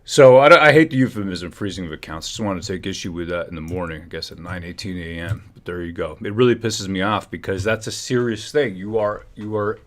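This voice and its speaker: A man with a very low, deep voice hosts a live stream from home. He comments with heat, circles back and restarts his sentences, and builds into an angry rant. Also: fairly even intonation, brisk, few pauses. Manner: heated, ranting, restarts phrases. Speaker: livestream host.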